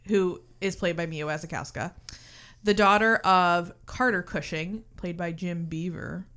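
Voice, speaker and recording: Woman recapping a movie, lowish voice. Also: measured pace, fairly bright tone, clean tone. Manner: recaps the plot with frequent ums and likes. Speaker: podcast host. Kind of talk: casual movie-recap chat.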